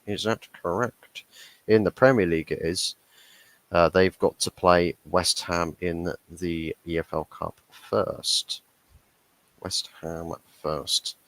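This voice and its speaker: A man's voice: low voice, fairly bright tone, dry recording, poor audio. Ranting man reacting to football. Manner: ranting, swearing, mocking the referee. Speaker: football fan channel host. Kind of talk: heated match reaction stream.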